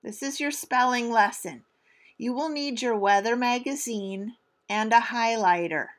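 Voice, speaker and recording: A middle-aged woman teacher giving a recorded spelling lesson, speaking deliberately and stretching out sounds to demonstrate them. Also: on the high side.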